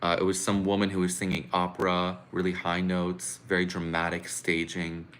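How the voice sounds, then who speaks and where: A man hosts a casual live stream from his room, chatting and venting with quick exclamations. His voice sits fairly low but has a bright, forceful edge. A faint hum of room noise stays under him. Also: completely flat delivery. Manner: frustrated, chatty, exclaims and laughs at his own complaints. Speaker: live-stream host reacting to a contest. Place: home room.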